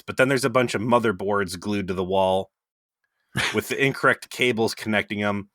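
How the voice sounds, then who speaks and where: A man's voice: on the low side, steady tone, moderate pace, fairly bright tone, dry recording, clean studio sound. A man co-hosting a podcast in casual, joking chat, talking through a cold with rambling asides. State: has a cold. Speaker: podcast co-host.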